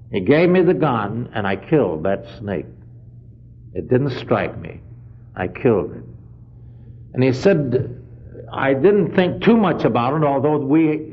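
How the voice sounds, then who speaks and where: Man preaching over a dull lo-fi recording. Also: medium pitch. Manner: retells a story with frequent "he said", surging to loud emphatic peaks. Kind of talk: storytelling sermon.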